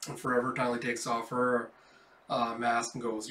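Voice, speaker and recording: Casual comic readthrough by a mid-pitched man, lots of fillers, roomy echo. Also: monotone, moderate pace, a bit bright, distant mic. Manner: describes panels aloud with frequent fillers. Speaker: comic book reader. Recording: echoey room.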